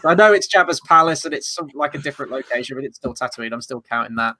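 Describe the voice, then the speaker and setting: A man co-hosting a film discussion show, talking in a quick, jokey way. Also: on the high side, pushed and bright, a little hiss or hum. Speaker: podcast co-host.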